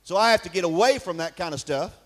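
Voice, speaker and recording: A male preacher, speaking in a voice pitched high for a man. He preaches emphatically in church and keeps asking his congregation questions. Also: quick pace. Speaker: pastor. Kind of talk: sermon.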